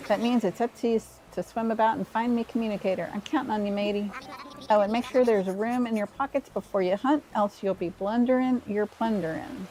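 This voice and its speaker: A woman's voice: medium pitch, steady tone, a little fast, warm tone, close to an everyday voice, rough recording. A woman voicing a blustery, pun-loving male seagull who talks like a pirate, growling "arr" as she reads his lines from a game. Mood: hammy pirate.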